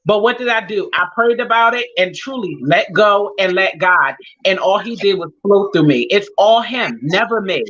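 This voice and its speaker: A woman speaks with a bright, forceful edge, pressing her points in the cadence of a preacher and hammering phrases home through repetition. Her voice comes through muffled and lo-fi, as if over a video call. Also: mid-range voice, animated, moderate pace, few pauses. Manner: emphatic, repeating key phrases for emphasis. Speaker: guest speaker. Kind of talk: preaching-style talk in an online interview.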